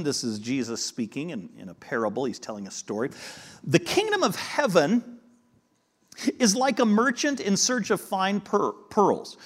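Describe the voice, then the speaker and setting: A man preaching a sermon, explaining a parable and acting out the dialogue of a modern retelling. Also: fairly high pitch. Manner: animated storyteller acting out dialogue. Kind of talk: sermon with storytelling.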